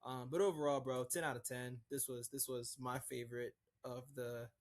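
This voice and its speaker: A man's voice: medium pitch, level tone, moderate pace. A man co-hosting a comics podcast in casual chat, enthusiastic and rambling, with frequent fillers and restarts. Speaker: podcast co-host.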